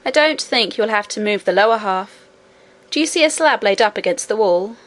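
Storybook miner boy, brisk and hushed, as a woman reads him. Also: medium pitch, animated, close to an everyday voice. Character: young miner boy, practical and hurried.

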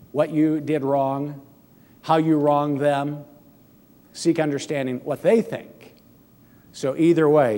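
A man's voice: a little high, warm tone. Earnest preaching man in a reverberant hall. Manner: earnest, acts out quoted lines. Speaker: pastor. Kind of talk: sermon.

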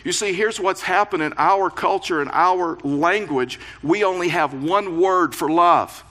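A pastor preaching a sermon, reading scripture and explaining it with earnest emphasis and playful asides. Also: male voice, sits high, measured pace, pushed and bright.

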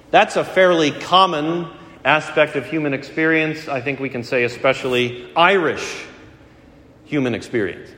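A middle-aged man preaching a sermon in a church, conversational and gently humorous. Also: medium pitch, slight background noise. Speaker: pastor. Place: church sanctuary. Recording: echoey church hall.

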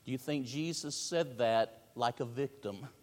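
A man preaching a sermon, swinging from hushed, drawn-out phrases to booming emphasis. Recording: long hall reverb.

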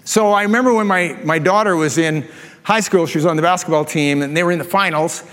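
High-voiced preacher in a hall. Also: male voice, brisk. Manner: animated storyteller, laughs at his own jokes. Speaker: pastor. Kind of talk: sermon. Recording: long reverb of a large hall.

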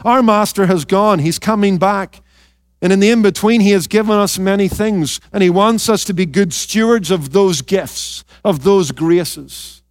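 A male pastor preaching a sermon, emphatic, questioning his listeners and dropping into quiet, intense asides. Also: high voice, unhurried, dry recording, studio quality. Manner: addresses listeners directly with rhetorical questions.

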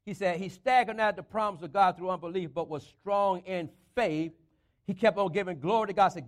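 A man's voice: sits high, brisk. A male preacher delivering a sermon with an emphatic, call-and-response style, building phrases up and driving them home, with speech patterns.

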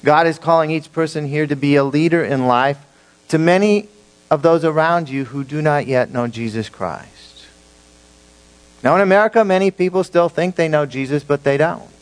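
Emphatic pastor, fairly high male voice. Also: moderate pace, poor audio. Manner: emphatic, swings between loud and hushed. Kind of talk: sermon.

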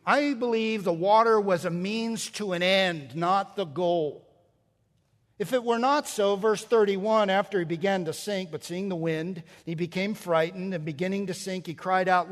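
A man's voice: high voice, normal speed, big-room sound. A man preaching a sermon, reading scripture and explaining its grammar, building to emphatic peaks. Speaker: pastor.

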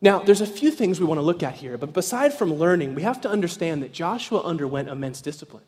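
A man preaching an evening sermon as pastor, telling a story animatedly and acting out voices, sometimes shouting with excitement. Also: a little high, fast. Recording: long reverb in a large hall.

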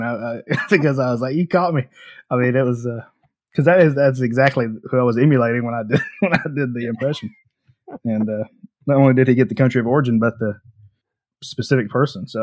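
A man's voice: mid-range voice, no room sound. A man co-hosting a podcast in casual chat, hesitant and often trailing off with a laugh. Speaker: podcast co-host.

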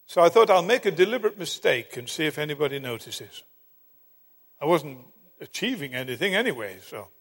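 A man preaching a sermon, telling stories with dramatic emphasis and long pauses. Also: a little high, sing-song, creaky, fairly bright tone. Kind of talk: sermon with storytelling. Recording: long hall reverb.

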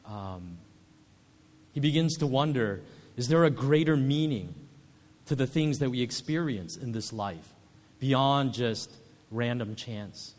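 A man preaching a sermon as pastor, measured and reflective, often pausing with filler sounds. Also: mid-range voice, animated, a little mellow, long reverb tail.

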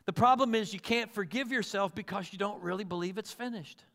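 A man preaching a sermon in a high, bright, ringing voice. He presses his listeners with earnest rhetorical questions and acts out the words of the people he quotes. The delivery is urgent and full of conviction. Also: a little fast, creaky, in a large hall. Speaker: pastor.

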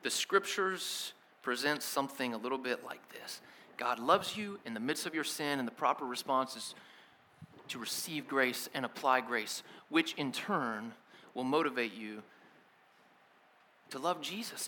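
A man preaching a sermon as a pastor, telling the story in a lively, casual way with slang. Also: mid-range voice, measured pace, slight background noise.

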